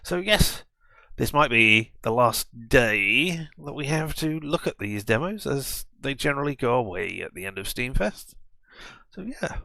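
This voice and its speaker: A man's voice: mid-range voice, big pitch swings, unhurried, creaky, bright, forceful tone, no echo. A man hosting a casual let's play video, commenting on a game in a rambling, self-mocking way.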